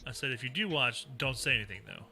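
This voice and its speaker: Host, male, very bright tone, relaxed joking chat over faint music. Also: mid-range voice, fast talker. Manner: laid-back, joking. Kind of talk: casual group chat on a live stream.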